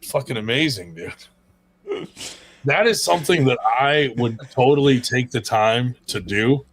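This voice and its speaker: A man's voice: mid-range voice, animated, unhurried, slightly rough. Male co-host, crude rambling humor, casual stream chat.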